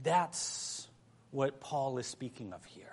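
A male pastor preaching a sermon, telling a humorous personal story and moving between soft prayer and lively emphasis. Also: mid-range voice, slow.

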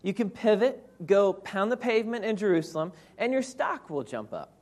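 A woman voicing Jesus' brothers as slick promoters giving a breezy sales pitch. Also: animated, normal speed, a little mellow, lightly acted. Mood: persuasive.

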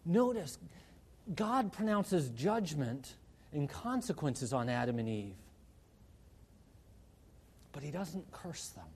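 A man with a high voice preaches a sermon in an easy, conversational way, peppering it with asides. He drops to a hush for quiet points, then lifts into emphatic delivery. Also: husky. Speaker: pastor.

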